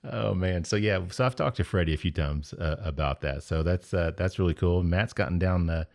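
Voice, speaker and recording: A deep-voiced man hosts a casual podcast, easygoing and quick to laugh. He sounds relaxed and unhurried. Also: gravelly. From Eastern Kentucky. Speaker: podcast host.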